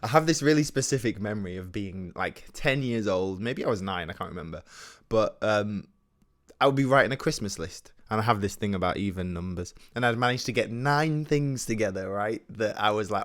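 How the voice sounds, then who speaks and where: A young man tells a casual, rambling anecdote on his solo show. His voice sits fairly low. He jokes and swings between loud bursts and near-mumbles. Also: normal speed. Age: 20s. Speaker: podcast host.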